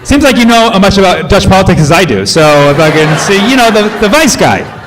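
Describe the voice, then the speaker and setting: Comedian on a club stage, rambling crowd work, faint room hum and audience behind. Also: male voice, high-pitched, animated, brisk. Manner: loose, rambling, quizzes the audience and corrects himself mid-sentence. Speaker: stand-up comedian. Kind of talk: live stand-up crowd work. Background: audience laughter and room murmur.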